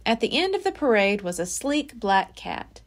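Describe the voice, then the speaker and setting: A woman's voice: on the high side, sing-song, moderate pace. A woman library storyteller reading a children's chapter book aloud with expression. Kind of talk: children's read-aloud narration.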